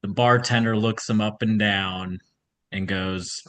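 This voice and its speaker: A man's voice: on the low side, fairly even intonation, unhurried, fairly bright tone, a little hiss or hum. A man improvising jokes on a video call, offhand and laughing at himself. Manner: laughing, offhand, self-deprecating. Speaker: improv player.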